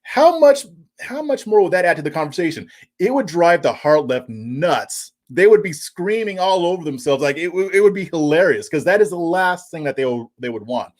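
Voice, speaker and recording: A man's voice: a little high, very animated, normal speed, a little mellow. A man hosting a political commentary livestream, reading viewer comments in a casual, chuckling way and often stumbling over and repeating words. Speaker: political commentary show host.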